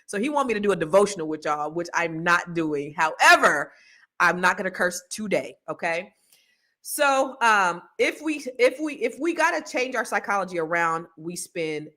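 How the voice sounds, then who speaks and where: A woman hosting a podcast, talking in a casual, animated monologue full of asides and storytelling. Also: a little high. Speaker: podcast host.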